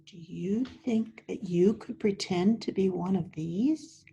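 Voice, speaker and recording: Her voice is medium-pitched, slow and creaky, with the highs cut off and slight background noise in the recording. She's an actress and teaching artist hosting a theatrical storytime, speaking animatedly to young listeners and at times dropping into whispers.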